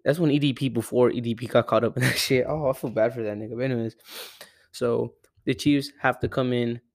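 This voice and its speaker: A man's voice: mid-range voice, fairly even intonation, brisk, dry recording. A young man from Arizona rambling through a casual, profane sports rant at home, often correcting himself. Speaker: sports podcaster. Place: home room with a cat. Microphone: close desk mic.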